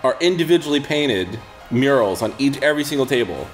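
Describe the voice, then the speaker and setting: A man's voice: medium pitch, brisk, faint music behind. A man co-hosting a podcast, telling a story in casual chat, swearing and laughing as he goes. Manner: animated, swearing, laughs as he tells it. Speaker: podcast co-host.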